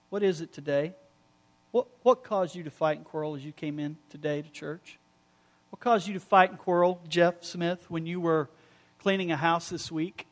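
A middle-aged male pastor delivering a sermon with a notably high voice. He tells stories with animated energy and drops into quoted lines of dialogue. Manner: animated storytelling preacher with quoted asides.

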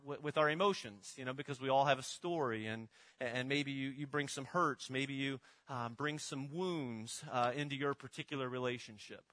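Bright-voiced man preaching conversationally. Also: medium pitch. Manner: conversational, repeats words and restarts, uses props. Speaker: pastor. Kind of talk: sermon.

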